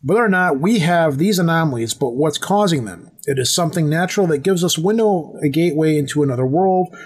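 A man's voice: fairly high pitch, lively intonation, brisk, breathy edge. A man hosting a podcast in casual chat, rambling and teasing his co-host. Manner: rambling, self-correcting, teasing.

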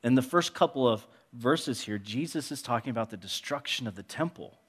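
A middle-aged male pastor preaching a sermon in a conversational, animated way, with frequent restarts. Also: mid-range voice, fairly quick, slightly rough.

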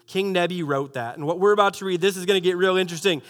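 A high-voiced man preaches to a congregation in a church. He reads scripture aloud and stops often for joking asides to the room. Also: fast, few pauses, fairly bright tone. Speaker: pastor. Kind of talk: sermon.

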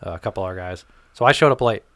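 A man's voice: low voice, rapid-fire, no echo, clean studio sound. Man telling a rambling, profane story. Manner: rambling, profane, self-correcting. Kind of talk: casual storytelling chat.

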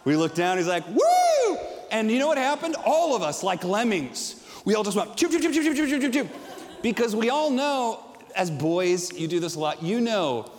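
A middle-aged male pastor with a high-pitched voice preaches a sermon, telling stories energetically and swinging from loud to hushed. A long reverb tail trails his words.

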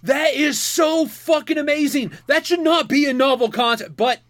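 A man co-hosting a podcast in casual chat, excitable and swearing freely. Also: very high-pitched, normal speed. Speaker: podcast co-host.

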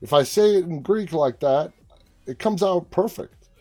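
A man's voice: a little high, expressive, a little slow, a little mellow, faint music behind. Chatty American man hosting a live stream. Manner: chatty, easily sidetracked, teasing. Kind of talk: casual live-stream chat reading viewer comments and news.

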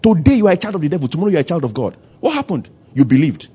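A male pastor preaching with a high, husky voice that leaps all over the place as he acts out scenes. He moves between loud bursts and quiet asides. The church recording sounds dull and lo-fi. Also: racing. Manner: animated preaching, acts out dialogue, shifting loud and soft. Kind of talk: sermon. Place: church service.

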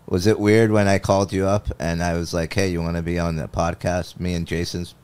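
A man's voice: low voice, little pitch movement, fairly quick, darkish tone, clear, resonant tone. A man hosting a podcast, chatting casually and laid-back with his guest. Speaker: podcast host. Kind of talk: casual interview chat.

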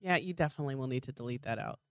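A woman's voice: extremely low pitch, racing, smooth, no echo, clean studio sound. A woman co-hosting a casual podcast, chatty and teasing her partner. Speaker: podcast co-host. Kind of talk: casual chat.

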